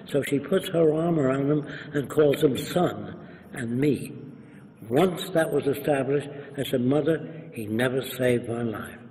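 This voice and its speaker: A man's voice: mid-range voice, mellow. An older man, being interviewed, telling anecdotes in a lecturing way and acting out other people's voices. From New York. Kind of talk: anecdotal storytelling. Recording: echoey room, faint hiss.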